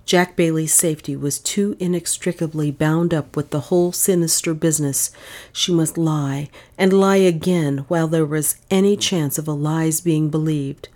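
A woman reading a novel aloud as an audiobook narrator, with expressive storytelling. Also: deep voice, moderate pace. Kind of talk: scripted narration.

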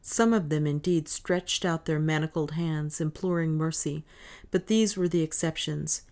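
A woman narrating an adventure novel in a steady, measured reading. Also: low voice. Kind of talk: audiobook narration.

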